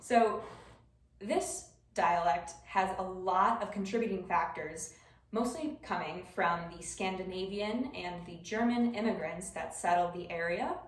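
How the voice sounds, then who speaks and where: Young woman doing a class presentation, medium pitch, kinda far from the mic in an echoey room. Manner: explanatory, with scattered ums. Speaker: student presenter. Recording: roomy echo, voice far from the mic.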